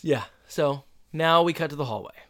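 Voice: medium pitch, normal speed, no echo. A podcast co-host casually retelling a TV episode, rambling through it and acting out the lines. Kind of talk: casual chat recapping an episode.

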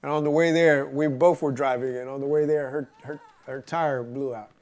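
A man's voice: mid-range voice, fairly even intonation, moderate pace, darkish tone. A man preaching a conversational sermon, earnest and storytelling, repeating phrases for emphasis.

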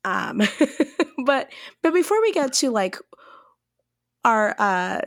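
A woman's voice: a little high, very animated, slow pace, gravelly, a bit bright, dry recording, studio quality. Playful, teasing young woman podcaster. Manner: playful, teasing, laughs often. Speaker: podcast co-host. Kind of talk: casual podcast chat.

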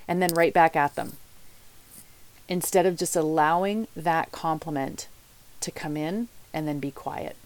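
A woman's voice: lowish voice, no room sound. A woman life coach giving motivational podcast talk, chatty and candid, speaking straight to her listeners.

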